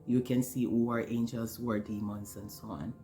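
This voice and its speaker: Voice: medium pitch, flat delivery, moderate pace, dark tone, faint music behind. An earnest, emotional speaker telling a personal spiritual testimony, often repeating words while searching for the next one. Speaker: spiritual storyteller.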